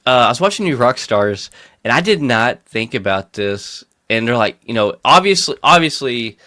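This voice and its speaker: A man's voice: medium pitch, big pitch swings, normal speed, pushed and bright, no room sound, clean studio sound. A man co-hosting a casual pop-culture podcast, rambling with lots of fillers and restarts and laughing often. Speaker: podcast co-host.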